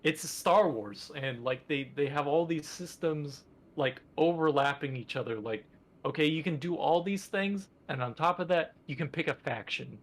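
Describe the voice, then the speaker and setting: A man's voice: on the high side, moderate pace. A man co-hosting a podcast in casual chat, rambling with enthusiasm and lots of fillers. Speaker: podcast co-host.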